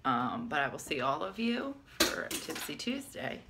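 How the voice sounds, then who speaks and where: A very noisy recording catches a middle-aged comedian ranting to camera in her bedroom for her vlog. Her voice sits low and is very animated though measured in pace, and she gasps and exclaims in exasperation.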